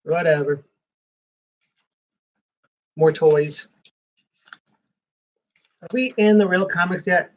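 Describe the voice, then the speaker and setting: Slow-talking man with wry asides. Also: on the high side, dull audio. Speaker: streamer flipping through a comics preview magazine. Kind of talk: rambling live-stream commentary.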